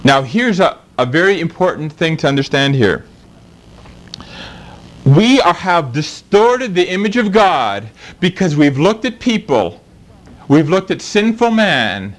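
A middle-aged man preaching a sermon, reading scripture slowly and then explaining it with animated emphasis. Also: fairly high pitch, poor audio.

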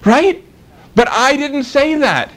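A man's voice: high-pitched, expressive, moderate pace, low-quality recording. A man preaching a sermon, emphatic and fond of rhetorical questions.

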